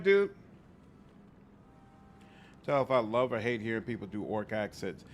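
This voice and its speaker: A man's voice: lowish voice, big pitch swings, a little slow, pauses often. A man casually commenting on his game while chatting with viewers on a livestream. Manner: chatty, greets chat, reacts aloud while playing. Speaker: streamer.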